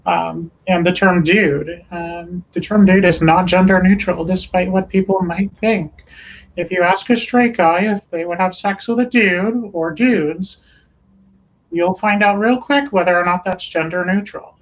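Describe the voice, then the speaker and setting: A woman speaking as an interview guest, measured and pausing often with "um". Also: lowish voice, muffled recording. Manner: measured, with frequent "um" pauses. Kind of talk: interview conversation.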